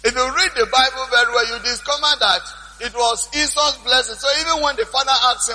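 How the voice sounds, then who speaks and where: A man preaching a sermon, retelling a story with animated repetition. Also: very high-pitched, brisk, big-room sound, poor audio. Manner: animated storytelling, repeating lines for emphasis.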